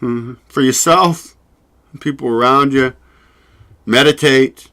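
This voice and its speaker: A show host with a mid-range voice chats casually and rambles on his own livestream, swearing freely and laughing often. He takes it slowly, and his voice sounds pushed and bright.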